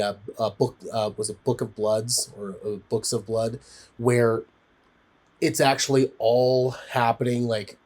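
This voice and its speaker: A man giving a casual spoken film review, rambling with frequent fillers and restarts. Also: mid-range voice.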